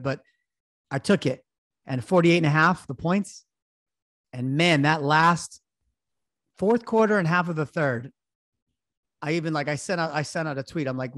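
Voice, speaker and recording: A man's voice: fairly high pitch, normal speed, long pauses, a bit bright, no room sound, studio quality. A man in his thirties, a podcast co-host, telling a self-deprecating story in casual sports betting chat. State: recovering from illness.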